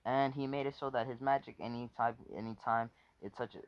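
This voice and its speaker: A man's voice: mid-range voice, fairly even intonation, fairly quick, highs cut off, slight background noise. A man casually telling a made-up story off the cuff, rambling, correcting himself often and swearing. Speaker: fan fiction storyteller.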